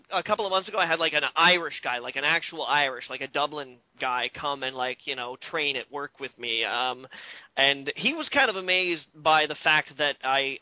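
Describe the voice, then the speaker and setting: A man from Canada, co-hosting a podcast in a rambling, profane, animated way. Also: a little high, dry recording. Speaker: podcast co-host. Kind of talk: casual podcast chat. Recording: dull lo-fi, dry.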